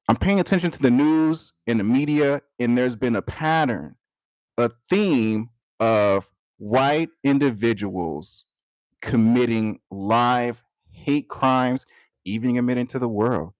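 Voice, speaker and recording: A young man from Detroit delivering an earnest commentary monologue in a slow, measured way with pauses. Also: medium pitch, dry recording, clean studio sound. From Detroit, USA. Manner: earnest, emphatic, rising sharply when upset. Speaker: channel host.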